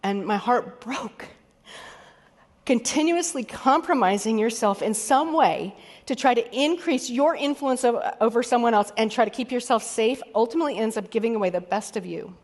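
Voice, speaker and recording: A woman's voice: on the high side, lively intonation, normal speed, a little mellow. A woman executive coach giving a motivational keynote talk in a candid, conversational way, swearing casually now and then. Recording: long hall reverb.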